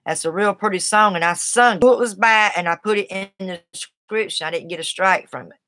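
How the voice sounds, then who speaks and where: A woman with a Southern accent talks casually on a live stream in a rambling, folksy way, reacting to her viewers' comments as she goes. Her voice sits at an ordinary middle pitch. The sound is dry and close, with no room echo. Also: a little fast, sharp tone. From Southern United States.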